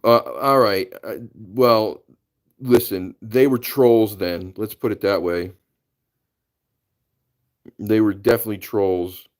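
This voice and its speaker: Casting note: man, lowish voice, casual chatty livestream host who laughs easily. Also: slow, long pauses. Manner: chatty, laughs often, greets viewers by name. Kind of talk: casual live-stream chat.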